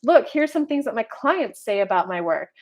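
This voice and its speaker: Woman, tarot reader vlogging, somewhat high voice, chatty, rambling delivery. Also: sing-song, moderate pace, darkish tone. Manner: chatty, rambling, full of filler words. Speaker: tarot reader and life coach. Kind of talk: casual horoscope video monologue.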